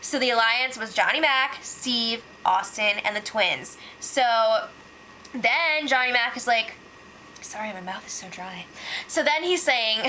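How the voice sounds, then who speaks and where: A woman recapping reality TV for her vlog in a loose, gossipy way, dropping "like" into every other phrase. Her voice sits a little high and sounds bright and forward. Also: expressive, takes it slowly, a little hiss or hum, rough recording. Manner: chatty, fills with "like", acts out quotes. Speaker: reality show recap vlogger. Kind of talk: casual spoiler recap.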